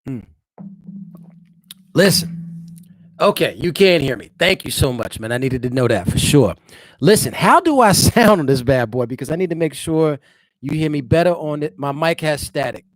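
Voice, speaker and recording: A married father from the eastern United States hosts a casual livestream from home, chatting loosely and directly with viewers. His voice is a little high and expressive, at a moderate pace, with no room sound.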